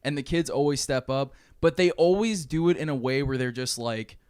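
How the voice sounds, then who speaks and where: A man co-hosting a podcast in casual chat, telling an animated, swear-heavy story and acting out the characters' lines. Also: medium pitch, normal speed, smooth, no room sound, studio quality. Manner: excited storytelling, swears often, acts out lines. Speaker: podcast co-host.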